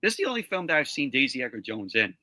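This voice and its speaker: A man watching a movie along with a friend, talking casually in halting bits with frequent fillers. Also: mid-range voice, very animated, pushed and bright, slight background noise.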